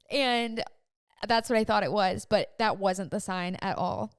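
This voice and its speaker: Smooth-voiced young woman, earnest and chatty. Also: mid-range voice, big pitch swings, a little slow, no room sound, clean studio sound. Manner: earnest, emotional, chatty with frequent "like". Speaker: podcast host. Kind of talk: personal storytelling podcast.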